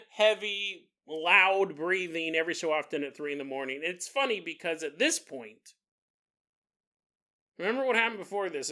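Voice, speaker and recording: Bright-voiced man telling a ghost story. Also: high voice. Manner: animated, jokey, mimics people in quotes. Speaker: podcast host. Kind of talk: casual storytelling podcast.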